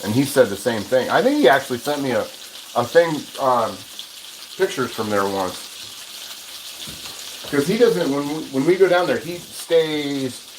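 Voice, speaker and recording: His medium-pitched voice swings widely in pitch, and he speaks unhurriedly with long pauses. The man is hosting a cooking livestream at his home stove, chatting casually and rambling with lots of restarts while answering viewer comments. Frying sizzle makes the recording noisy, and a sizzling pan and running water sound behind him.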